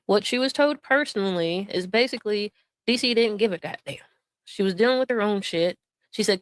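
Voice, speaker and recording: A woman's voice: medium pitch, fairly quick, no room sound. Sarcastic woman commentating with a dry sound. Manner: sarcastic, laughing, mimics others. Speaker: drama commentary host. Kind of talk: mocking commentary over stream clips.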